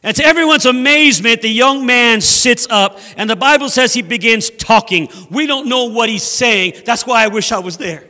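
Guy preaching in a church, really high bright voice, big hall echo. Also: normal speed, few pauses. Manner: animated, acts out scripture voices, laughs at own jokes. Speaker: guest preacher. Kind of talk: sermon. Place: church sanctuary.

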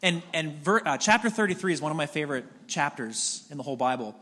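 A man's voice: lively intonation, fast talker. A man preaching a sermon as a pastor, retelling scripture in a conversational storytelling way with frequent restarts. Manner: drops to soft low voice in prayer.

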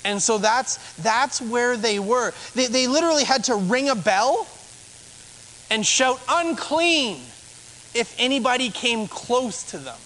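A man's voice: very high voice, unhurried, bright, forceful tone, a little hiss or hum, rough recording. A man, a pastor, preaching a sermon in a conversational way, asking rhetorical questions.

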